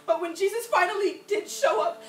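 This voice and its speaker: A woman's voice: very high-pitched, fairly quick. A woman performing a stage monologue as a grieving sister, impassioned and swinging between tears and laughter, in an echoey church heard from a distance. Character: grieving woman of Bethany mourning her brother. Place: church sanctuary. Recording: echoey church hall from far off, music behind.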